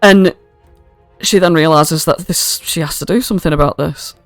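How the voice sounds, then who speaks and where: A woman's voice: sits low, normal speed, no room sound, soft background music. Swearing woman narrating as game master. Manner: casual and swearing, with many fillers. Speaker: dungeon master.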